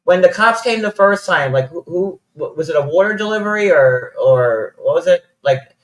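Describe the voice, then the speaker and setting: A man's voice: high voice, lively intonation, normal speed, poor audio. A man, telling a personal story in a rambling, casual way, swearing freely and close to tears at times.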